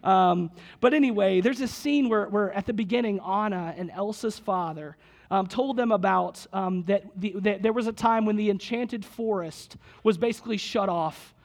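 A man preaching a lively sermon in a church, slightly husky today, retelling a movie scene with quoted voices before leading a prayer. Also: high-pitched, normal speed. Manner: lively storytelling, quotes characters, prays aloud. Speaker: pastor.

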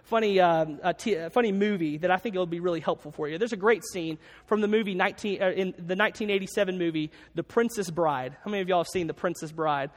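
A man's voice: high voice, quick pace, few pauses. A man preaching a sermon as a pastor to a church congregation, talking conversationally and repeating his key lines so listeners can note them down. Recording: long reverb of a large hall.

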